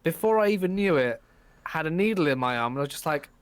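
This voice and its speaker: Man, 30s, chat guest, rambling animated storyteller, dry mic. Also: a little high, fast talker, clean tone, no echo. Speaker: podcast guest. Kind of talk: casual chat.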